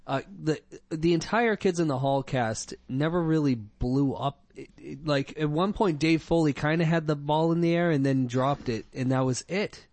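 Man, casual comedy chat, fairly high voice, rambling, laughing, dry sound. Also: normal speed, few pauses, a little mellow, no echo.

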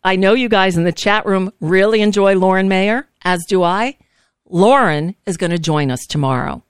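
A woman's voice: mid-range voice, moderate pace, clean tone, no room sound, clean studio sound. A woman hosting a political talk show, emphatic and outspoken, cursing freely and sounding frazzled and worn out. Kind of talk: political talk radio, casual and heated.

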